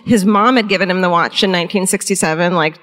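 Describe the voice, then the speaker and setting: A woman's voice: fairly low pitch, fast, a bit bright. A woman co-hosting a live podcast, retelling a true-crime case in a joking, profane way. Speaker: podcast co-host. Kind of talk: comedic true-crime storytelling. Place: live on a theatre stage. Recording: live theatre with long reverb.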